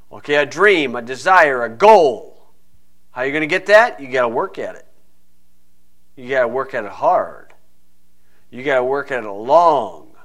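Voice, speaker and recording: A man's voice: on the high side, fairly bright tone. A man preaching a folksy, conversational sermon full of asides. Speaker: pastor.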